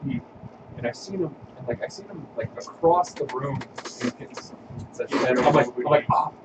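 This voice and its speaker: A man telling a rambling story in a casual chat, stumbling and repeating words. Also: mid-range voice. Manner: halting, repeats himself. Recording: distant, dull mic with loud noise.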